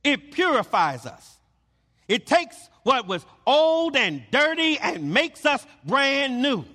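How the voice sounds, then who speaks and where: Male preacher, high-pitched and slow, emphatic with stammered repeats, echoing hall. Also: sing-song, bright, forceful tone. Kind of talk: sermon.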